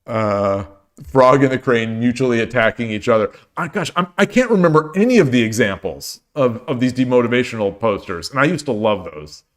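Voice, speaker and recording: A tired man in his forties chats casually with viewers while streaming games, his medium-pitched voice lively in intonation and a little fast. He rambles, restarts often, and makes jokes at his own expense.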